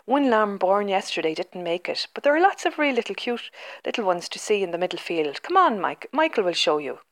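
A woman reading the part of a caring, gently firm farm mother in a children's storybook. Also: mid-range voice, sing-song, brisk. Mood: gentle. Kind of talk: storybook read-aloud.

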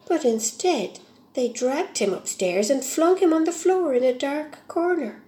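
Woman gently reading a storybook. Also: fairly high pitch, expressive, a little slow, roomy sound, slight background noise.

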